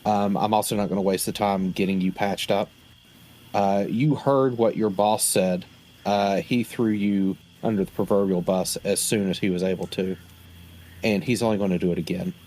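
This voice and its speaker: A man speaks in character at a tabletop game, measured and formal with frequent pauses and fillers. His voice sits fairly low. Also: steady tone, dark tone. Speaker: player.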